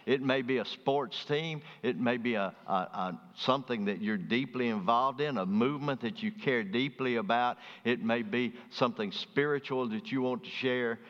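A man from Alabama with a Southern accent, preaching a sermon in folksy storytelling fashion, swinging between high, loud emphasis and soft, low asides. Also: moderate pace, hardly any pauses. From Birmingham, Alabama. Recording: dull sound with long reverb.

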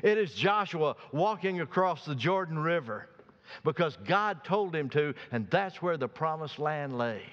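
A pastor preaching a sermon, swinging from soft, slow passages to loud, emphatic ones. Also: male voice, a little high, animated. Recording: dull sound with long reverb.

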